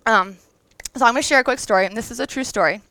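A woman's voice: a little high, racing, a bit bright, low-quality recording. A woman in her thirties giving a conversational, earnest devotional talk to an audience, emotional at times. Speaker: women's event speaker.

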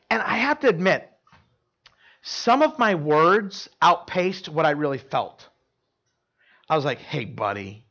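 High-voiced preacher, chatty and direct. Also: male voice, bright, forceful tone. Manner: conversational, repeats words and asks the room questions. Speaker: pastor. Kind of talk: sermon.

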